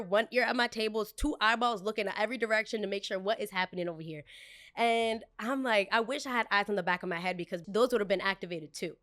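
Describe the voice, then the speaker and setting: Young woman, podcast host, lively storyteller who voices the people she quotes. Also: mid-range voice. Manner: animated, acts out quotes with shifting voices.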